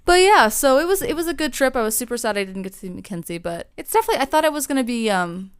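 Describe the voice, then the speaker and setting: Young woman, podcast co-host, smooth voice; casual swearing storyteller who acts out quotes. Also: on the high side, very animated, very fast. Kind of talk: casual chat.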